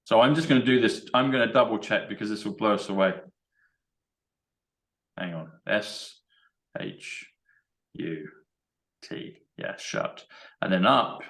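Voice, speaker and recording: An English man hosting a casual chat, excitable and rambling as he works through number codes aloud. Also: on the low side, unhurried, vocal fry, long pauses, reverberant. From England. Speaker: show host.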